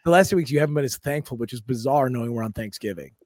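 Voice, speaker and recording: A man hosting a casual podcast, energetic and teasing as he runs the table. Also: mid-range voice, racing, no room sound. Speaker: podcast host.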